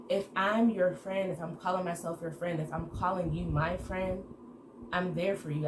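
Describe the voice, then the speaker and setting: A woman telling a casual story to her viewers in an animated way, acting out the dialogue. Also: fairly low pitch. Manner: animated retelling with acted-out quoted dialogue. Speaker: storytime vlogger. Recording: echoey room with background noise.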